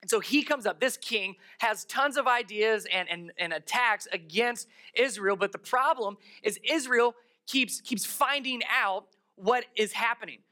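Bright, animated sermon storyteller. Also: mid-range voice, unhurried, hardly any pauses. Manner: conversational, animated storytelling with asides to the congregation. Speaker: pastor. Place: church service held in a darkened theater.

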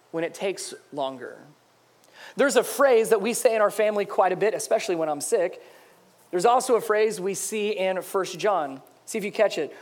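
A man in his thirties, a pastor, preaching a sermon with humorous, self-mocking stories. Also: sits high.

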